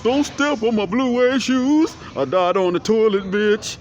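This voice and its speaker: A man doing a high, melodramatic impression of an aging 1950s rock crooner with an exaggerated drawl. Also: lively intonation, measured pace, slight background noise. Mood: boastful.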